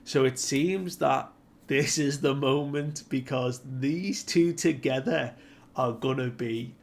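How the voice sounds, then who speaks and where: A man casually recapping a comic chapter in a relaxed, rambling way with lots of fillers. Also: mid-range voice, slow, vocal fry. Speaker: manga commentator.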